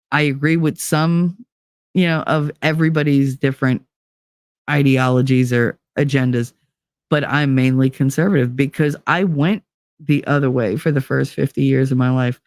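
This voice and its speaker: A woman's voice: sits low, darkish tone, no room sound, studio quality. A woman in her fifties hosting a live-stream, ranting bluntly and emphatically with frequent profanity while reading out viewer comments.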